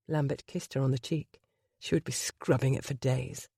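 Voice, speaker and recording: An audiobook narrator reading a romance novel in an expressive storytelling manner. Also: male voice, mid-range voice, moderate pace, vocal fry, husky, no room sound, studio quality. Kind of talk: scripted narration.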